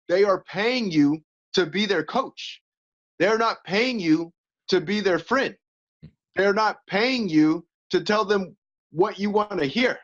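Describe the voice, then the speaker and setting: A man, a coach and former fighter, chatting as an interview guest in an animated way, acting out inner voices. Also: high-pitched. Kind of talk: casual interview chat. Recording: dull lo-fi audio.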